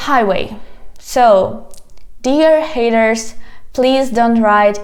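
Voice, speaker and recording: A woman from Ukraine, teaching a video language lesson and repeating words slowly syllable by syllable, her pronunciation a little impeded by braces. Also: a little high, darkish tone.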